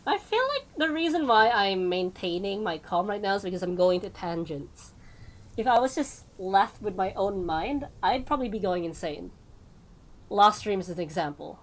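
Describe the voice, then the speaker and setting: During a gameplay stream, this VTuber talks to her audience at a moderate pace in a medium-pitched voice with lively intonation. She rambles onto side topics, with little laughs and frequent restarts.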